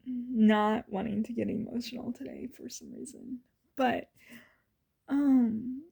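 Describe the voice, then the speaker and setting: A woman's voice: on the high side, fairly even intonation, a little slow, gravelly, mellow, slightly rough. A woman vlogger telling personal stories in an earnest, emotional way, often dropping to a whisper. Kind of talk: casual personal storytelling.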